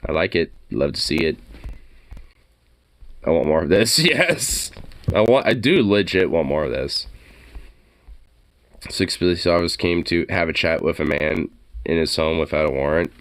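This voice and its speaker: A man's voice: sits low, animated, moderate pace, pauses often. A man hosting a casual reaction video, rambling with heavy profanity and fillers.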